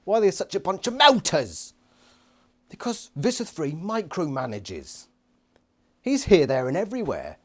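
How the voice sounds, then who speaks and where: A man's voice: a little high, wildly swooping pitch, unhurried, long pauses. A man giving an exasperated, sweary, sarcastic book review rant. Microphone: phone nearby.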